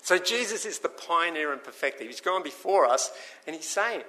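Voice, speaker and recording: A male preacher delivers a sermon in a bright, slightly high voice. He tells stories in an animated way and acts out the people in them. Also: moderate pace.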